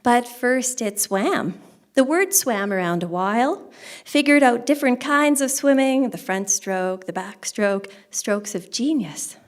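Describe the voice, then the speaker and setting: A woman poet giving a poetry reading at a book launch, with quick, chatty asides between poems. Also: on the high side, lively intonation. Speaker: poet reading her work.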